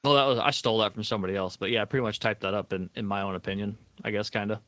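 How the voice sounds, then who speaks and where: A man co-hosting a livestream chats about veteran topics with a low voice. He restarts words as he thinks and drops wry asides. The sound is close and dry. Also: fairly even intonation, very fast, fairly bright tone, no echo. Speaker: co-host of a veteran livestream show. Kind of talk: casual livestream chat.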